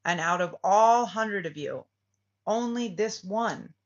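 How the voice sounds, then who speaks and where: A speaker acting out a proud old emperor, voiced loudly and slowly with shouts that jump high in pitch. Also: lo-fi sound. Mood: solemn. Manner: loud, drawn-out, rising shouts.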